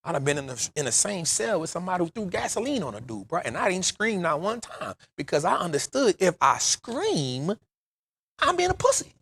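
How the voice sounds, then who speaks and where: A man's voice: high voice, big pitch swings, fairly quick, hardly any pauses, a bit bright, slightly rough, dry recording. A man, telling stories emphatically on a casual podcast, often saying "bro" and "real talk". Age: 40s. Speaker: podcast host.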